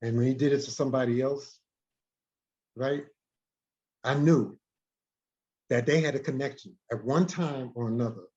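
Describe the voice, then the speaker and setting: A man, a guest in an interview, telling a story in an animated way, often repeating and restarting words. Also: medium pitch, normal speed, pauses often. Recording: dull lo-fi recording.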